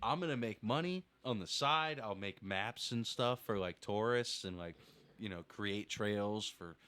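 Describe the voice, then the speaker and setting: A man hosting a podcast, talking casually, swearing freely and laughing loudly. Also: lowish voice, animated, unhurried. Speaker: podcast host. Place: podcast studio.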